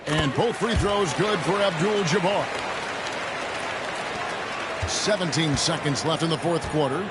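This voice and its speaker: A man calling basketball play-by-play in a video game, brisk and excited. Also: on the high side, heavy background noise. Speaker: play-by-play commentator. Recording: loud game music behind. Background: game music and crowd.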